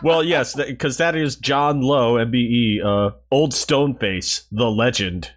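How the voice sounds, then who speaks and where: A man's voice: medium pitch, measured pace. A man chatting on a podcast with friends, cheerful and nerdy, asking questions. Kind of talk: casual chat.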